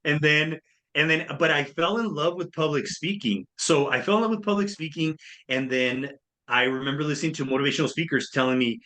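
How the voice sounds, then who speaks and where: A man's voice: fairly high pitch, brisk. A man in his thirties, a speaker and coach, telling his story in an interview and acting out the voices of people he quotes. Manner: animated, acts out quoted voices.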